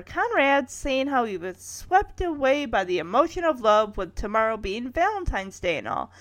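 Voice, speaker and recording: Woman, thirties, casual recap host, animated and wry, chuckles through asides. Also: fairly high pitch, no room sound. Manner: wry personal asides, chuckling while narrating. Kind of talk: casual episode recap narration.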